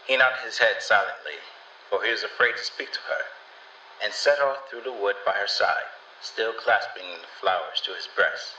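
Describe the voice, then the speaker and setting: A man calmly narrating a storybook in an even storytelling manner. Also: lowish voice, moderate pace, a little hiss or hum. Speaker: storybook reader. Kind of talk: scripted narration. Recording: roomy, distant, dull sound.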